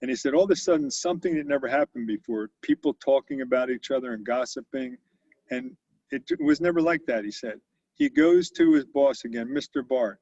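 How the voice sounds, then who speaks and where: A man in his sixties with a gravelly, mid-pitched voice tells stories from his career in a relaxed, conversational way. He speaks with frequent fillers and restarts. The recording is close and dry but sounds dull and lo-fi. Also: a little fast, no room sound. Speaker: company CEO, interview guest. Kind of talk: storytelling in an interview. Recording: dull lo-fi audio.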